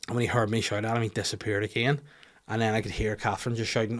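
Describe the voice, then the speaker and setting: A man's voice: mid-range voice, quick pace. Sweary Northern Irish man telling stories. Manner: swears freely, rambling animated storytelling. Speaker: comedian podcast host. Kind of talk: casual comic monologue.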